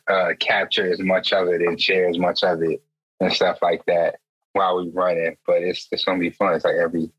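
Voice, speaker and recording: A young man in casual podcast banter, quick to laugh and loose with slang. His voice sits low but comes across bright and a little husky. The sound is close and dry. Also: dry recording, muffled recording. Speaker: podcast guest.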